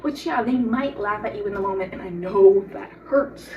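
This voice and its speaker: A woman's voice: medium pitch, moderate pace, dull audio. Giggly teen girl, off-mic. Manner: earnest and giggly, talks to the viewer directly. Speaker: baking vlogger. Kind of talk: casual baking vlog with advice. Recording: voice from a distance off the mic, faint noise.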